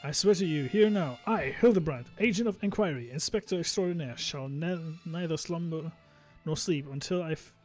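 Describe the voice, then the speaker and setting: A pompous gentleman detective from a game proclaims everything grandly, in a theatrical, declaiming voice, as a man puts him on. Every line is a flourish. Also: on the high side, moderate pace, hardly any pauses, faint music behind, natural voice. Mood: grandiose.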